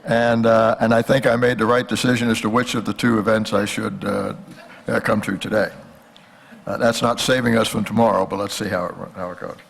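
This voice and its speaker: An older man giving a history lecture at a symposium, telling jokes in a folksy way and pausing often with fillers. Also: on the low side, little pitch movement, gravelly. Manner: folksy, hesitant with many fillers. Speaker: guest speaker, historian.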